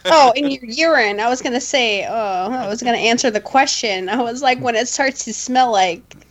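A woman's voice: fairly high pitch, normal speed, rough recording. A woman co-hosting a casual podcast, playful and a little hesitant. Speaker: podcast co-host. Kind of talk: casual chat.

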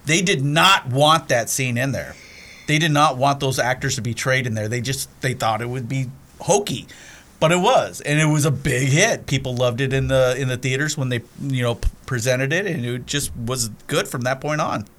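Animated man retelling movie scenes. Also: mid-range voice, moderate pace. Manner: animated storyteller, acts out scenes. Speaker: podcast co-host. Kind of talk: casual chat about movies.

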